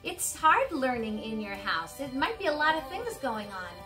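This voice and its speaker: A middle-aged woman teaching an online music lesson to young children, encouraging and clear. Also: high voice, sing-song. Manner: bright, encouraging, speaks slowly and clearly to kids.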